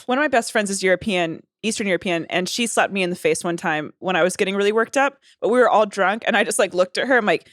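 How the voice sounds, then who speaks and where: A woman co-hosting a podcast in casual chat, teasing, with quick comebacks. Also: mid-range voice, no room sound, clean studio sound. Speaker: podcast co-host.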